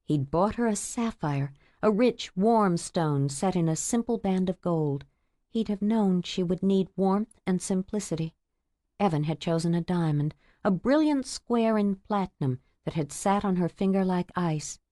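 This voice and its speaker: Woman reading a romance audiobook, lowish voice, measured and intimate, really dry close sound. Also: lively intonation, mellow, dry recording. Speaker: audiobook narrator. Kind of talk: scripted romance narration.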